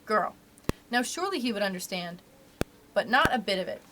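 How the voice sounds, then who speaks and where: A woman reading a children's book aloud for a library storytime, with expressive, animated delivery. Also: mid-range voice, fast talker, background noise.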